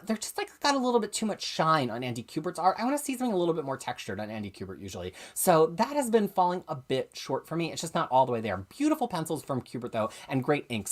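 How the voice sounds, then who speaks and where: A woman with a very low voice hosts a live comics review show. Her pitch moves a lot as she chats, and she talks with eager enthusiasm, stopping to correct herself mid-sentence. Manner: chatty, enthusiastic, self-correcting. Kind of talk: live-streamed casual review.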